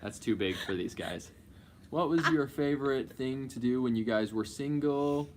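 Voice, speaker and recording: Teasing male co-host, mid-pitched, casual; faint background noise. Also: normal speed. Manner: playful, teasing, running the stream. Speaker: co-host of a couple's live Q&A. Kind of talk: casual live-stream chat.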